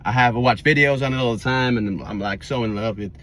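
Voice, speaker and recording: A man's voice: medium pitch, quick pace, fairly bright tone, a little hiss or hum, lightly acted. Man quoting a gushing, starry-eyed traveler. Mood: eager. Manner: gushing, earnest. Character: eager man who adores a faraway country.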